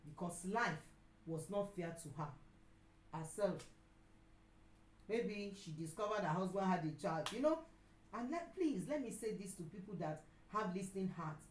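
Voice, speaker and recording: A middle-aged woman with a Nigerian accent preaches at a medium pitch, hammering her points home through repetition. Her voice rings out in an echoey room, and now and then she gets suddenly loud. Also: lively intonation, moderate pace, slight background noise. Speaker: pastor and counselor. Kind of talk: sermon.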